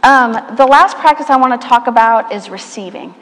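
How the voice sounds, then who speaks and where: A woman's voice: a little high, fairly quick, hardly any pauses. Woman preaching a sermon in a reverberant church. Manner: warm storytelling, playful asides, soft hushed moments.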